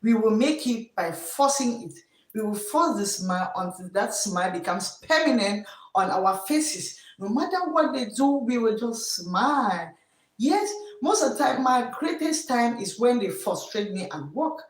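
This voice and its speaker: A woman's voice: fairly high pitch, animated, measured pace, recorded from a distance. A woman teacher hosting a live stream with a West African English accent, who greets her viewers by name, repeats her words and encourages them with preachy advice. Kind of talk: casual live-stream talk. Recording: echoey room, voice from off mic.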